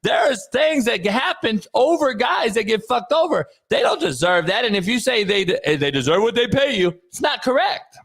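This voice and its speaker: A man hosting a talk show who argues in a casual, profane rant, rising into loud outbursts as he makes his points. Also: extremely high pitch, moderate pace, gravelly, few pauses, breathy edge. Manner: animated, profane ranting with sudden loud outbursts. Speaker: show host, former coach.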